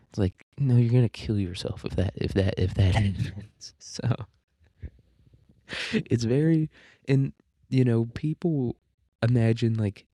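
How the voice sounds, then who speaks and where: Dark-voiced man rambling on a podcast. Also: fairly low pitch, creaky, dry recording, studio quality. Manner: rambling and offhand, crude jokes, frequent fillers and restarts. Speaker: podcast host. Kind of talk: casual solo podcast monologue.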